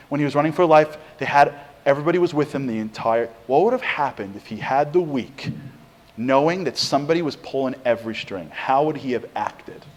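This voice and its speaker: A middle-aged man giving a storytelling sermon, acting out the quotes and building in intensity as he goes. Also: mid-range voice. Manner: animated storyteller, acts out quotes, rising intensity. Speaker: speaker giving a Torah talk.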